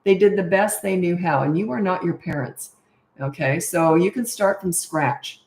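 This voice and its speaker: A woman's voice: fairly low pitch, moderate pace, a little mellow. A middle-aged woman from Canada, a parenting coach answering viewer questions in a blunt, matter-of-fact casual chat. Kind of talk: casual livestream Q&A. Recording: echoey room.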